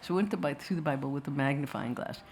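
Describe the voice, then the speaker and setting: A woman's voice: sits low, fast talker, darkish tone, slight background noise. Wry digressive woman telling a story. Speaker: filmmaker answering questions. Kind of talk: storytelling talk to an audience. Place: festival venue with audience.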